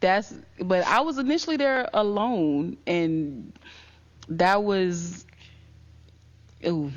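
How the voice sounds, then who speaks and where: A woman's voice: lowish voice, takes it slowly. A woman recalling a sudden loss in earnest, reflective personal storytelling. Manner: reflective, earnest, reliving a shock. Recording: dull lo-fi recording.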